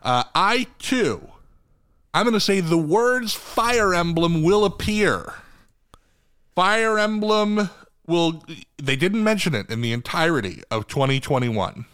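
A man's voice: fairly high pitch, big pitch swings, measured pace, a bit bright, no room sound, studio quality. A man co-hosting a podcast in casual chat, joking and rambling, swearing now and then. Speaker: podcast co-host.

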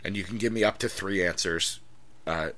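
A man's voice: deep voice, normal speed, a bit bright. A man hosting a casual chat show, asking questions and often repeating words as he starts a thought. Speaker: podcast host.

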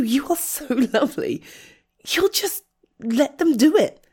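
A young woman talks straight to the listener in a comfort role-play, fiercely protective and indignant on their behalf. Her voice is breathy and husky, swinging widely in pitch from outraged highs to soft, near-whispered lows. She takes her time, letting sighs of exasperation sit between the words. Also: big pitch swings, unhurried. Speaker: audio role-play creator.

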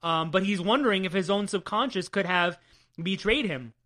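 A woman's voice: mid-range voice, moderate pace. A woman co-hosting a podcast, recapping a comic in casual chat, swearing often and laughing as she goes. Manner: swears a lot, animated and laughing. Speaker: podcast co-host.

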